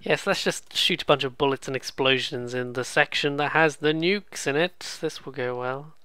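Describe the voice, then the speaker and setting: A man's voice: medium pitch, normal speed, sharp tone, smooth, dry recording. A man hosting a let's play, giving casual, sarcastic, rambling gameplay commentary. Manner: sarcastic, swears freely, rambling.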